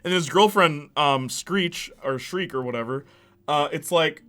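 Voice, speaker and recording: A man hosting a casual movie ranking, excitable and slangy, laughing often as he talks. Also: fairly high pitch, measured pace. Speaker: host.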